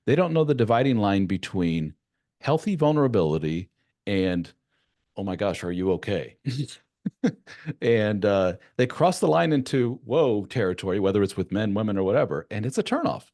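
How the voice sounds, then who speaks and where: A man hosting an interview, talking at length in a conversational, animated way and acting out the people he quotes. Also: on the low side, normal speed, no room sound, studio quality. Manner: animated, acts out quoted voices. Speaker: podcast host.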